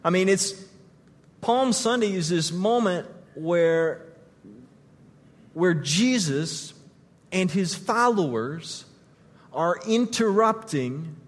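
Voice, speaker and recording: A man preaching a sermon as pastor, retelling scenes vividly and swinging from loud to hushed. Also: high voice, big-room sound.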